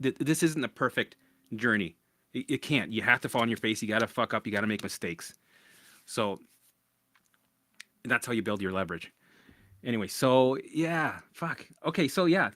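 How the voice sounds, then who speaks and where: A man talks through listener questions in a loose, rambling solo monologue. His voice is bright and forceful, he swears freely, and he keeps tossing in "right?". The sound is close and dry. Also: fairly low pitch, no room sound. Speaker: podcast host answering listener questions.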